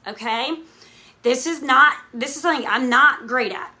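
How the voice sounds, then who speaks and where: A woman talks straight into the camera as a direct sales leader, coaching her team. Her voice sits high and sounds bright and sharp. She is emphatic and keeps checking in with "okay?" after each point. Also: fairly quick. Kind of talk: motivational talk to camera. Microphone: camera mic, speaking to camera.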